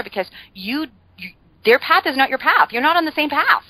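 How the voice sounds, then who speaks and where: A woman's voice: high-pitched, sing-song, normal speed, sharp tone, dry recording, poor audio. A woman guest on a podcast, explaining ideas in a chatty way with frequent fillers and playful humor. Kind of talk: casual podcast conversation.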